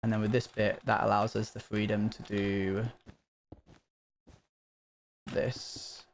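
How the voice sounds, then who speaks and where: A man streaming a building game live, chatting casually to his viewers and breaking into panicked high-pitched bursts when something goes wrong. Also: flat delivery, slow pace, vocal fry, a little hiss or hum.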